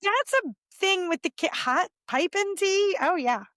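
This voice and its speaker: A woman with a Philadelphia accent, co-hosting a casual chat and telling animated stories in which she acts out the quotes. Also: very high voice, a little slow, dry recording. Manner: animated storyteller, acts out quotes, laughs often. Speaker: co-host. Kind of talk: casual chat over drinks.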